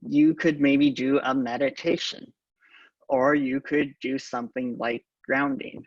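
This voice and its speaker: A man giving a calm conference talk on mindfulness, halting often with ums, recorded from a distance on a dull lo-fi recording. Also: medium pitch, no room sound. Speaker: conference speaker.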